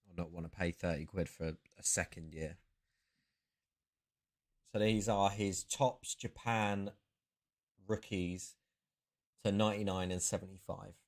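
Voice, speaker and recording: Rambling man, low-voiced. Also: fairly even intonation, unhurried, pauses often. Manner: rambling, self-interrupting storyteller. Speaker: sports card streamer. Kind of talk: casual live-stream chat.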